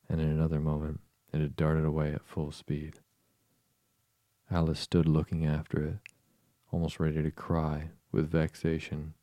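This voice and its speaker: A man narrating a storybook in a steady, even storytelling manner. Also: extremely low pitch, no room sound. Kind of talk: storybook reading.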